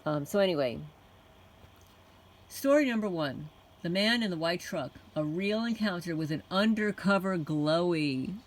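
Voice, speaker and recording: Woman host reading a testimony out loud, soft-spoken, lowish voice, keeps chuckling. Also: expressive, unhurried, rough recording. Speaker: channel host. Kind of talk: reading a written testimony aloud.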